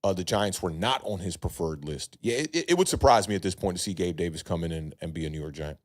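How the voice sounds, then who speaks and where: A man's voice: deep voice, animated, fast. A young man hosting a casual livestream sports chat. He reads chat comments aloud, greets chatters by name, and hedges with plenty of fillers. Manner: laid-back, hedging, many fillers, greets chatters by name. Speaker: podcast host reading live chat.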